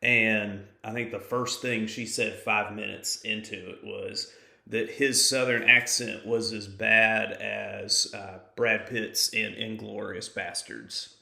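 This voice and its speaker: A man with a low, gravelly voice that still has a bright, sharp edge, co-hosting a movie podcast. He talks in a relaxed way and drops dry jokes. The sound is echoey, as if recorded in a bare room. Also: takes it slowly. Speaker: podcast co-host. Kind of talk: casual movie podcast chat.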